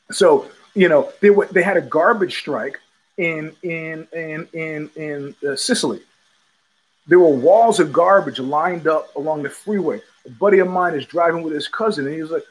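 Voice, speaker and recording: Male host, husky and pitched high, casual meandering monologue, lots of repeats and chuckles. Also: low-quality recording. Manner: halting, repeats words, chuckles often. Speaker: podcast host.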